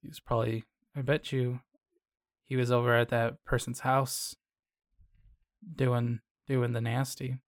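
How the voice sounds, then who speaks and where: A man co-hosting a podcast in a casual, playful chat, full of filler words and quick asides. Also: mid-range voice, dry recording, studio quality. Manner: animated, playful, lots of filler "like". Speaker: podcast co-host.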